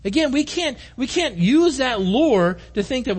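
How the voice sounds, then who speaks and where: Male pastor, high lively delivery, earnest and direct with the congregation. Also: measured pace, hardly any pauses, breathy edge. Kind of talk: conversational sermon. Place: church room.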